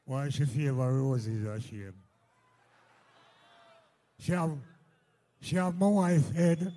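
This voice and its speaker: A man's voice: mid-range voice, animated, takes it slowly, long pauses, dark tone. A man with a Jamaican accent joking with a live crowd from the stage in loose patois. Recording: echoey live hall.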